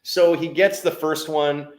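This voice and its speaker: A man's voice: a little high, unhurried. A man, a guest and business owner, telling a story in conversation and acting out the other people's lines. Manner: animated storyteller acting out dialogue.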